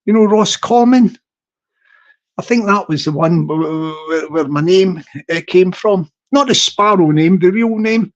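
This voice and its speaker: A man's voice: high voice, unhurried, muffled recording. A middle-aged man chatting casually to his viewers in a playful, self-amused way, drawing out place names and laughing often. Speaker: YouTube streamer chatting with viewers. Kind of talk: casual rambling chat.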